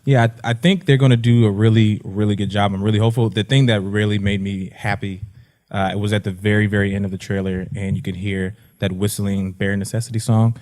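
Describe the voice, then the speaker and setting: A man's voice: lowish voice, flat delivery, a little fast, a little mellow. A man from Los Angeles on a movie chat panel, easygoing, with frequent "uh" fillers. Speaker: podcast panelist.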